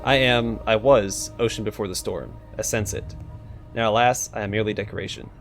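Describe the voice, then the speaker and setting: A man doing a sultry skull, languorous, bored, low-pitched, faint music behind. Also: steady tone, brisk, vocal fry. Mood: languid. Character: languid, bored talking skull of a pleasure-seeker.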